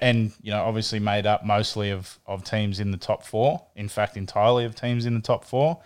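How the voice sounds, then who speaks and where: Chatty man, smooth low voice. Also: fairly even intonation, fairly quick, few pauses. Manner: chatty, repeats words while thinking. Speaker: podcast co-host. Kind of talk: casual sports chat.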